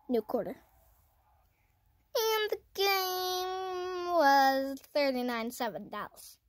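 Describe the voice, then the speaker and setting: A woman giving casual, self-mocking commentary over her own football video game, cheering in excited bursts. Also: high-pitched, dry recording. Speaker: gaming channel host.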